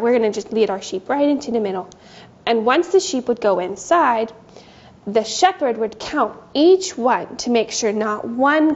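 A woman giving a gentle, sing-song Bible lesson to small children. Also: a little high, muffled recording. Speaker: children's teacher.

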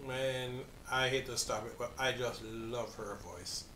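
A man's voice: mid-range voice, steady tone, a little slow, echoey room, distant mic, loud music behind the voice, poor audio. A man in his forties with a Caribbean accent, hosting a reaction video in earnest, rambling talk that restarts its sentences. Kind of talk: casual reaction commentary.

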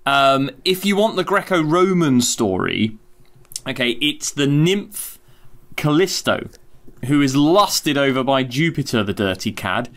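A man's voice: on the high side, animated, unhurried, fairly bright tone. A man co-hosting an astronomy podcast over a video call, telling myths in a cheeky, irreverent way with casual swearing. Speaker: co-host. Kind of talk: casual storytelling chat.

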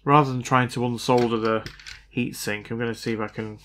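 A man's voice: medium pitch, steady tone, brisk, fairly bright tone, a little hiss or hum. A man talking through a repair as he works, thinking aloud and often unsure of himself. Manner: hesitant, unsure, self-doubting. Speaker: hobbyist repair vlogger. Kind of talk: casual thinking-aloud commentary.

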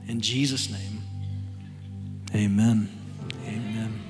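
A man praying softly and earnestly before a congregation. Instrumental music plays clearly under him, and the large hall carries a long reverb. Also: on the low side, fairly even intonation, slow. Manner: gentle, heartfelt praying. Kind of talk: closing prayer.

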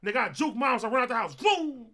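Loud, high-voiced young man telling a story. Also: fairly quick. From Compton, California. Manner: animated, profane storytelling, acting out quotes. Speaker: streamer host. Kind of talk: casual storytelling on a livestream.

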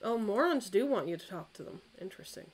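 A woman's voice: mid-range voice, animated, fast talker, darkish tone, slight background noise, low-quality recording. A woman chatting casually over a ghost-hunting game, blunt and bossy and swearing. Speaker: streamer. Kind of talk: casual gameplay chat.

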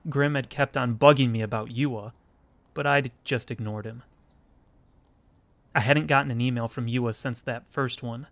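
A man's voice: mid-range voice, a bit bright, dry recording. A man reading a mopey teenage shut-in. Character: gloomy reclusive teenage boy narrating. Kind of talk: reading a visual novel aloud.

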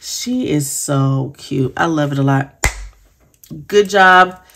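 A woman speaks in a low voice, chatting casually to her viewers. She is giggly and effusive, calling everyone y'all. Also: expressive, measured pace, gravelly, darkish tone, a little hiss or hum. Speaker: planner sticker vlogger. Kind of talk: casual chat.

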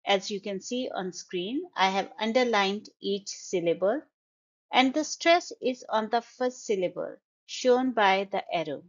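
A woman's voice: mid-range voice, animated, highs cut off. A woman teaching an English vocabulary lesson, carefully sounding out words syllable by syllable. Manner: slow, deliberate, stresses syllables.

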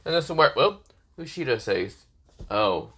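A man's voice: mid-range voice, animated, moderate pace, sharp tone. A man improvising a fan-fiction story aloud, rambling with lots of fillers and casual swearing.

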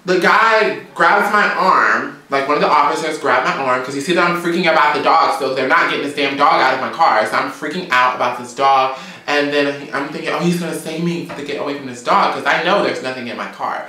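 A woman from Georgia, telling a story in a sassy, animated, profane vlog rant. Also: extremely low pitch, distant mic, a little hiss or hum. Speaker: vlogger. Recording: very echoey room, away from mic.

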